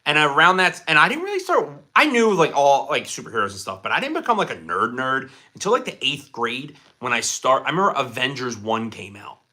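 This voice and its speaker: A man's voice: mid-range voice, sing-song, a little fast, few pauses, pushed and bright. A young man hosting a casual livestream, reading out viewer comments and rambling with lots of fillers and restarts. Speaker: livestream host. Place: indoor room under bright lighting.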